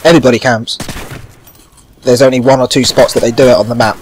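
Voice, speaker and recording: A man talks through his gameplay in a loose, rambling way and swears casually. His voice sits at an ordinary middle pitch. A faint hiss runs underneath. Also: flat delivery, fast talker. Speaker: gaming channel host.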